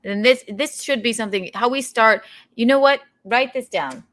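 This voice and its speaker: A woman's voice: a little high, moderate pace, a bit bright. A woman hosting a comedy podcast, teasing and bossing her co-host around in playful banter. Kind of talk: casual comedic chat.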